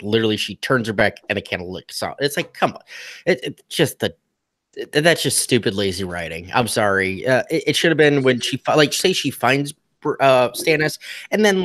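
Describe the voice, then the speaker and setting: A man's voice: medium pitch, fairly bright tone, no room sound. A man in a casual fan discussion of a TV episode, critical of the writing and stammering through restarts.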